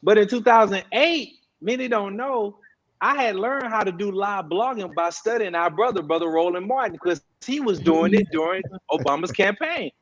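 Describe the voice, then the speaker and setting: Man, high voice, conversational storyteller, acts out quoted voices, dull lo-fi recording. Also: animated, normal speed. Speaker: guest, social media organizer. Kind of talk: animated storytelling in a panel discussion.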